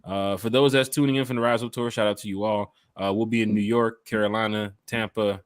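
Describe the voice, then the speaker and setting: A man's voice: on the low side, fairly even intonation, a little fast, smooth, dry recording. A man hosting a casual fan podcast, talking straight to listeners in a loose, upbeat, slangy way. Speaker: podcast host and fan club organizer. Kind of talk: casual chat.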